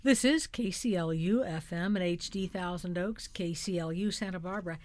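A woman's voice: lowish voice, moderate pace, a little mellow. A woman public radio host making an upbeat, chatty on-air fundraising appeal. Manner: upbeat, chatty, laughs easily. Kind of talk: pledge drive on-air appeal.

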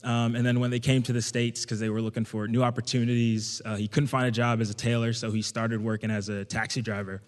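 Talking fast with hardly any pauses, a young man with a mid-range voice shares a personal story with a crowd. He keeps it casual and conversational but livens up when quoting his own words, and the sound carries a long hall reverb.

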